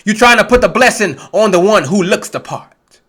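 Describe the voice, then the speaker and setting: High, bright-voiced man preaching bluntly. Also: expressive, moderate pace. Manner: blunt and confrontational, profane, mocking. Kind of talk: street-style sermon, Bible reading.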